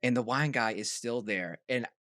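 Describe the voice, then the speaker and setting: A young man co-hosting a casual podcast, telling a rambling story full of restarts and loud mimicked voices. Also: medium pitch, moderate pace, no room sound, clean studio sound. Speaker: podcast co-host. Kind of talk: casual chat.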